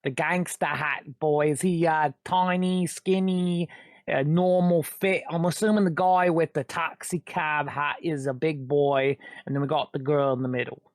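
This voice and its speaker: A man playing a tabletop game over voice chat, asking halting questions full of fillers. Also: fairly high pitch, steady tone, no echo, clean studio sound. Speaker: player.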